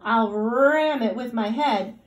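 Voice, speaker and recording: A woman voicing a sheep who speaks in a slow sing-song. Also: fairly high pitch, echoey room.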